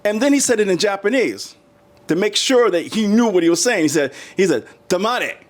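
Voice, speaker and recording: A middle-aged man from the United States tells stories in a casual interview, his voice lively and swinging up and down in pitch. His pitch sits a little high for a man. He acts out other people's voices and restarts his sentences often. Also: a little fast. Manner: animated, acts out quoted voices, many restarts. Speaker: interview guest.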